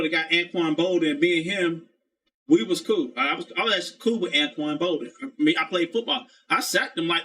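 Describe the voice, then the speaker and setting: Male streamer, casual rambling rant, profane, slightly high voice. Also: fairly bright tone. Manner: rambling, profane, keeps saying "you know what I'm saying". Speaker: live streamer.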